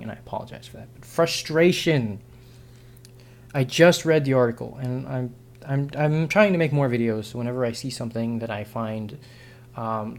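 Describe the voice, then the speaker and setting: A man vlogging an unscripted opinion monologue, frustrated and sarcastic, rambling with frequent restarts and self-corrections. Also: mid-range voice.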